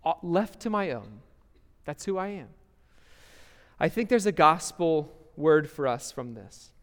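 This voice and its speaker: A man's voice: fairly high pitch, sing-song, measured pace. A young man preaching a sermon in a church, earnest and conversational, asking the listeners questions and restarting phrases as he goes. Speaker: pastor. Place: church sanctuary. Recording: hall reverb.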